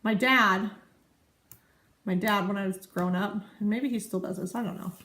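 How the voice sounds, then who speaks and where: A woman's voice: mid-range voice, normal speed, sharp tone. A woman in her thirties chatting casually to camera as a vlogger, rambling and easily sidetracked. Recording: echoey room.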